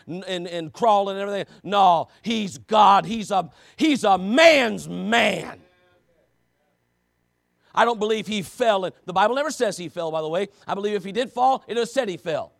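A man preaching with a fairly high, gravelly voice. He drops low and quiet, then rises to shouted emphasis and piles up rhetorical questions. The sound is dry and close. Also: no room sound. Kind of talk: sermon.

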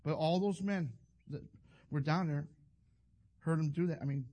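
A man's voice: on the high side, moderate pace, warm tone. An older man, a pastor telling a rambling, folksy story in a sermon. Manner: rambling, folksy, self-interrupting.

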